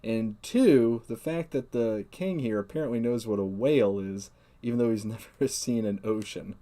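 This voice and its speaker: A man's voice: medium pitch, normal speed, mellow. A man streaming a video game, chatting casually and rambling with frequent laughs and fillers. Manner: chatty, rambling, laughs often, uses lots of "like". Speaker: let's play streamer. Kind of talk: casual gameplay commentary. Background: faint game music.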